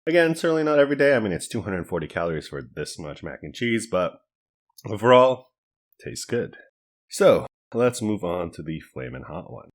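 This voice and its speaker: Chatty low-voiced man reviewing food. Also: moderate pace. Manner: relaxed, chatty, thinks aloud while cooking and tasting. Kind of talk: casual food review to camera.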